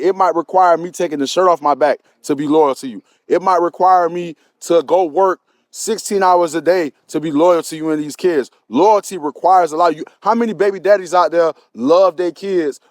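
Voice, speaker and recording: A man's voice: on the high side, normal speed, few pauses, no echo. A man co-hosting a casual live stream, answering viewer comments, pressing his points and repeating them. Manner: emphatic, repeats his points, frequent restarts. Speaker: livestream co-host.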